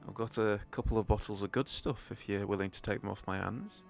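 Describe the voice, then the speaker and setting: Gruff half-orc barkeeper in a tabletop game, blunt and suspicious, deep-voiced, voiced by a man, faint music behind. He barks his questions at the customer and leans in close when he has something to sell. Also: fairly even intonation, brisk, a little mellow. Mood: sly.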